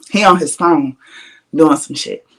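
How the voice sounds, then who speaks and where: A woman hosting a podcast, telling a story in a casual, animated and profane way, laughing often. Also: sits low, slow pace. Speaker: podcast host.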